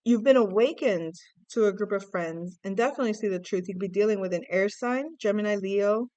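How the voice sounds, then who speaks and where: Woman tarot reader, casual and emotive, thinks aloud with restarts; smooth tone, dry close sound. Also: medium pitch, a little fast, mellow, dry recording, dull audio. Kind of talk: casual tarot reading to camera.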